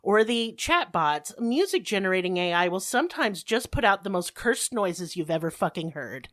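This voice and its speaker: Woman podcast host, swearing, ranting explainer, mid-pitched. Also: big pitch swings, normal speed, fairly bright tone. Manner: profane, ranting, emphatic explainer. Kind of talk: casual podcast chat.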